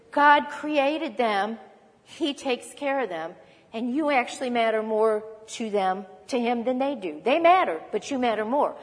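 Woman pastor preaching, high voice, chatty but emphatic, echo of a big church hall. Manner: conversational, emphatic, repeats key lines. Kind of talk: sermon.

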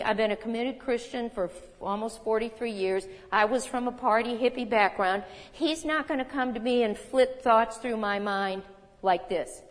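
Older lady preaching, chatty and lively, higher voice, big reverby hall. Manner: conversational, animated, quotes scripture with emphasis. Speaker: Bible teacher. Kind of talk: sermon.

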